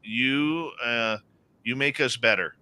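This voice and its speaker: Earnest bright-voiced male radio host. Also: medium pitch, clear, resonant tone. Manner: earnest, halting with restarts. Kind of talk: casual on-air talk.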